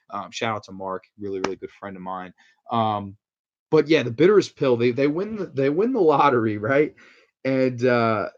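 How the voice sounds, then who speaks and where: A man's voice: mid-range voice, muffled recording. A man giving a blunt, profane, incredulous review in casual chat. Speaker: podcast host reviewing horror episodes.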